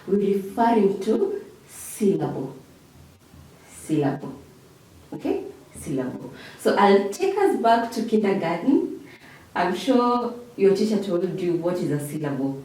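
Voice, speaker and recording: A woman's voice: mid-range voice, mellow. A woman teacher, giving a revision lesson, who repeats key words and checks in with "okay?". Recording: very echoey room, mic far off.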